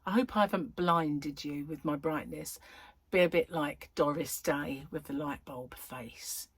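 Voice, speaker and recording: A woman's voice: deep voice, unhurried, slightly rough, dry recording. A middle-aged woman, a crochet vlogger, chatting casually to her viewers and telling stories with laughter. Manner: chatty, laughing, animated storyteller.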